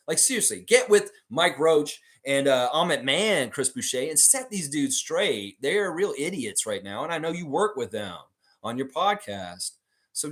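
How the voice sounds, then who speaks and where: A man hosting a live sports fan stream, chatting casually as he reads viewer comments, animated and swearing freely. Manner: animated, swings high when mocking others, swears freely.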